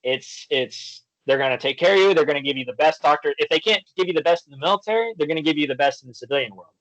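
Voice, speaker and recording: A man guest on a podcast, chatting casually and telling animated stories, acting out the quoted back-and-forth. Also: on the high side, fast, no echo, rough recording. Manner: storytelling, animated, acts out quoted exchanges. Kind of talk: casual chat.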